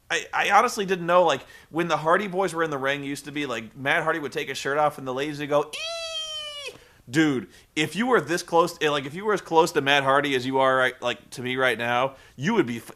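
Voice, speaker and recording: A man's voice: medium pitch, bright, forceful tone. A man hosting a comedic wrestling review, ranting in a profane, stammering, exasperated way. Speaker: host reviewing a wrestling show.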